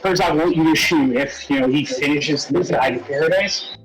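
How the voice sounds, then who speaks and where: A man co-hosting a casual podcast, talking haltingly with many pauses and filler words. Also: a little high, a bit bright, soft background music, low-quality recording. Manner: halting, full of fillers and restarts. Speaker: podcast co-host. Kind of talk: casual conversation.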